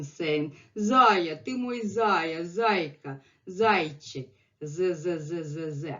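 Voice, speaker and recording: A woman with a Russian accent, a native Russian speaker, teaching the alphabet in English and repeating each sound several times with patient explanations. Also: on the low side. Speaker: language teacher. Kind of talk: video language lesson. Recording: dull lo-fi recording.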